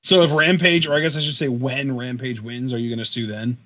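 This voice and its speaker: A man's voice: medium pitch, fairly even intonation, brisk, sharp tone, no room sound. A man co-hosting a live wrestling reaction, playfully teasing his co-host.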